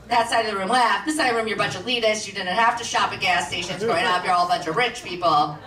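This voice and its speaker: A stand-up comedian from Peoria, Illinois, doing a self-mocking routine that teases the crowd. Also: female voice, medium pitch, rapid-fire, hardly any pauses, bright, forceful tone. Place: large theatre stage. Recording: roomy theatre sound from a distance with an audience.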